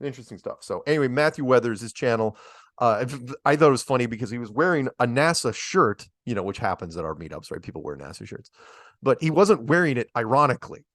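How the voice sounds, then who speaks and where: Guy hosting a stream, rambles and chuckles, super lively pitch, dry close sound. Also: fast, no echo. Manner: rambling, chuckling storyteller with restarts; swears mildly, drawls "man" and "right?". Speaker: host. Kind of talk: casual livestream chat.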